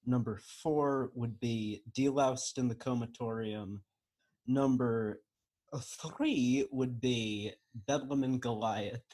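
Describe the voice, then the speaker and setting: A man's voice: mid-range voice, steady tone, slow, darkish tone. A man in a casual podcast chat, hesitant and self-deprecating. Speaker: podcast co-host.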